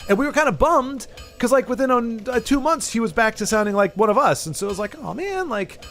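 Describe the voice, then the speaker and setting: A man's voice: extremely high pitch, fast talker, fairly bright tone, faint music behind. Rambling Texan man chatting to his stream. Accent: Southern US, Texan. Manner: rambling and chatty, trails off and restarts. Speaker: game streamer. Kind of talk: casual chat while gaming, talking to viewers.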